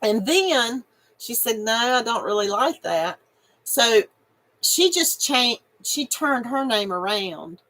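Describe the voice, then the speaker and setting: A woman's voice: on the high side, big pitch swings, takes it slowly, a bit bright, rough recording. A middle-aged woman, hosting a casual live stream and chatting with viewers, giggly and emotional and laughing often. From North Carolina, USA.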